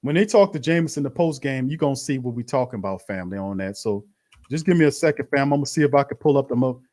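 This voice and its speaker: A man's voice: medium pitch, animated, fast, darkish tone. A man hosting a live-stream watch party, commenting bluntly on a loss and calling his viewers fam. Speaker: sports show host.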